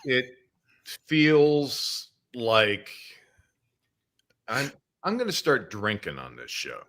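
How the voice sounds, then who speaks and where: Slow, sardonic male co-host. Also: medium pitch, huge pitch swings, a bit bright. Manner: dry and sardonic. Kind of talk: casual live-stream chat.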